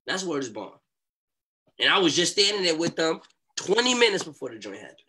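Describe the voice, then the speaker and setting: A young man telling a story as a podcast guest, in animated street talk and acting out what people said. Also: a little high, fairly quick, a little hiss or hum. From New York.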